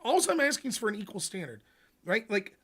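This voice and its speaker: A man hosting a livestream, talking politics in an animated, profane rant. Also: high-pitched, fairly quick, husky. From United States. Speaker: livestream host. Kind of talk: casual political chat.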